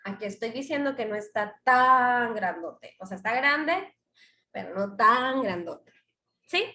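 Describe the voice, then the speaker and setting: A Spanish-speaking woman teaching English online has a high, bright voice with lively intonation, heard in an echoey room. She explains things slowly in a bilingual class, mixing Spanish and English.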